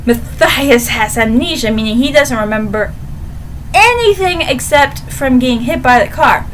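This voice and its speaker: A young woman giving a casual book review on her vlog, animated and playful, breaking into dramatic shouted asides. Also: high-pitched, normal speed, a little hiss or hum.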